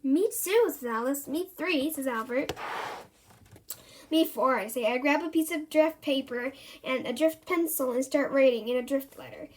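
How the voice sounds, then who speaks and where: High-voiced woman reading a children's story. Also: moderate pace, slight background noise. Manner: voices characters with lively pitch jumps. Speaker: reader. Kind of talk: reading a children's book aloud.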